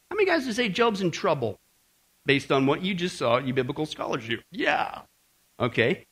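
A man's voice: on the high side, very animated, moderate pace, fairly bright tone, husky. A man teaching a Bible lesson to a group in a conversational, jokey preaching style, constantly checking in with "okay?" and "right?". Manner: jokey, uses slang.

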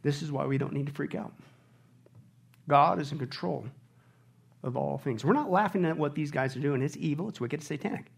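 A middle-aged male pastor preaching a sermon, animated and often shouting on his high points. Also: a little fast, creaky, long pauses, slightly rough.

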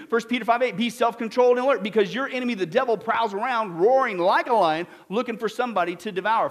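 A man preaching a sermon, reading verses and putting emphatic questions to the congregation. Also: high-pitched. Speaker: pastor.

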